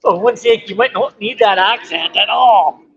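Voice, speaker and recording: A chatty man in his fifties with a high-pitched voice. He talks loosely and laughs a lot. The recording sounds dull and lo-fi. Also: moderate pace, gravelly, fairly bright tone. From Canada. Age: 50s. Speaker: streamer. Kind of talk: casual live-stream chat. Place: indoor bus station waiting area.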